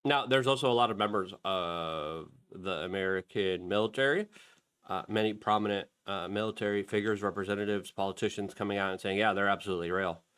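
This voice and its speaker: A man's voice: fairly low pitch, a little fast, fairly bright tone, smooth. A middle-aged man hosting a talk show, commenting on a clip with heated, emphatic bursts. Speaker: show host.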